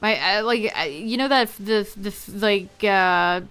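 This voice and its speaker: A woman's voice: mid-range voice, moderate pace, hardly any pauses, fairly bright tone, faint music behind. A young woman streaming a game, chatting playfully and giggling often. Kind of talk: casual chat while streaming a game.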